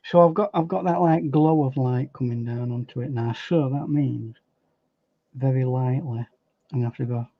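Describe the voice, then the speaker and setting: A man chatting as a guest on a livestream, giving opinions in a measured, teasing way. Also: mid-range voice, dry recording. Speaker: guest artist. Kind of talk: casual chat. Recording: dull lo-fi dry audio.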